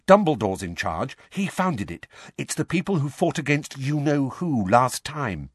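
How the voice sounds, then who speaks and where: A man's voice: medium pitch, sing-song, measured pace, husky, no room sound, clean studio sound, pitched above the performer's own voice. A man voicing an earnest, anxious teenage girl who talks hastily and pleadingly in a storybook reading. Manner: hasty, pleading.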